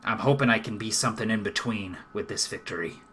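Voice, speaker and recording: A man voicing an earnest, proud male dwarf leader in a tabletop game who talks gruffly and says "aye". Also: lowish voice, quick pace, a bit bright, voice pushed down. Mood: solemn.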